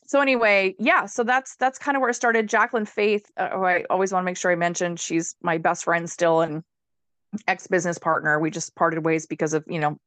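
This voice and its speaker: A woman guest on a podcast, a healer, telling her own story in a candid, animated way, laughing often and swearing freely. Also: on the low side, brisk, dry recording. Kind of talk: casual storytelling in a conversation.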